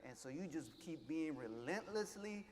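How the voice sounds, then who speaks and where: A man's voice: a little high, animated, moderate pace, slight background noise. Passionate man giving a keynote in a hall. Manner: passionate, swings between hushed and loud, drops Spanish words. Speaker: keynote speaker. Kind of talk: inspirational keynote speech with storytelling. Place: large conference hall. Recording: echoey hall, faint ambience.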